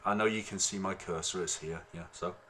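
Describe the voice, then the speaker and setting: A man teaching harmonica in an online lesson, explaining in a relaxed, rambling way with many fillers, speaking into a computer microphone. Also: low voice, brisk, over loud music. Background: harmonica playing.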